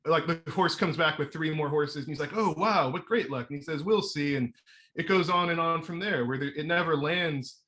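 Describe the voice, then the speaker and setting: A man hosting a casual conversation, hesitant and searching for words, with many pauses and restarts. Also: on the high side, steady tone, sharp tone. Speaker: host.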